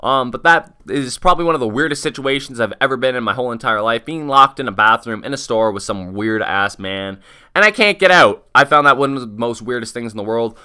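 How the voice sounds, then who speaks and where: A man's voice: medium pitch, brisk, smooth. A young man telling a story in a casual vlog, swearing freely and acting out what was said. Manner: profane, animated retelling with many quoted asides. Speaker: vlogger.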